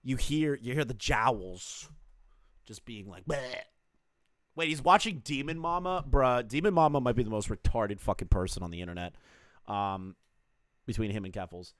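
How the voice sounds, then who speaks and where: A man's voice: mid-range voice, normal speed, dry recording, studio quality. A man on a casual livestream reacting to online drama, swearing freely, joking and talking straight to his chat.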